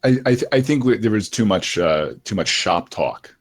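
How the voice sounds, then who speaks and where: Deep voiced guy on a stream, kinda stammery, keeps repeating words. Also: expressive, normal speed. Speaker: live stream co-host. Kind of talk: casual chat.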